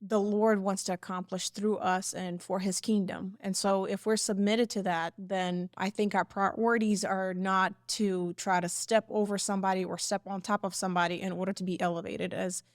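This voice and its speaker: A woman's voice: mid-range voice, flat delivery, normal speed, hardly any pauses, dry recording, studio quality. Thoughtful woman co-hosting a church talk. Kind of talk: faith-based discussion.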